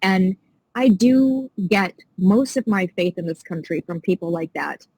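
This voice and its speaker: A woman's voice: medium pitch, lively intonation, unhurried, warm tone, husky, no echo, low-quality recording. A woman guest on a podcast, talking in a passionate, indignant and emphatic way in a casual interview.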